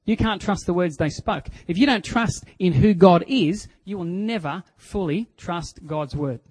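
A middle-aged Australian pastor with a notably high voice preaches with animated storytelling. He drops to near-whispers on key words, then rises sharply as he acts out voices. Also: breathy edge, poor audio. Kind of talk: sermon.

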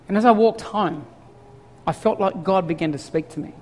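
An Australian man in middle age preaches through a personal story with a strikingly high-pitched voice. He moves from lively, animated telling to soft, hushed reflection. His words ring out with a long echo in a large church hall. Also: normal speed, a little hiss or hum. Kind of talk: storytelling sermon.

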